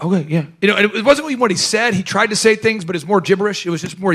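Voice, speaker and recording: An animated man running a business workshop in front of a live audience. His voice sits high for a man, and he keeps throwing questions at the crowd and cracking jokes. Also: quick pace. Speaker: host. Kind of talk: energetic business workshop talk.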